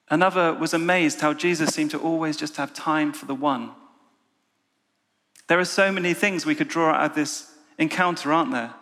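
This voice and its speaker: A man's voice: a little high, a bit bright. Man preaching in a reverberant hall. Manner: storytelling, inviting the audience. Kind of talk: sermon with guided imagination. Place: church meeting room with an audience.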